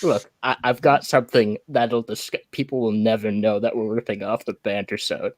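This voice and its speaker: A man hosting a casual chat stream while high, rambling and breaking into giggles. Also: steady tone, moderate pace. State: high on cannabis. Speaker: stream host.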